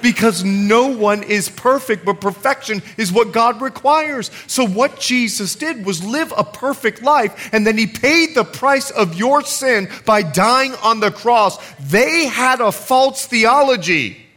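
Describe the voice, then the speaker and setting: Lively high-voiced male pastor preaching. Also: slow, hardly any pauses. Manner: animated, asks the congregation questions. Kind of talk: sermon.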